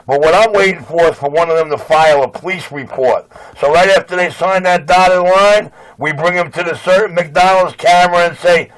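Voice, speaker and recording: Higher-voiced man boasting and mocking over CB radio banter. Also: normal speed, hardly any pauses, rough recording. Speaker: CB radio operator. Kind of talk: trash-talking radio banter. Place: CB radio channel.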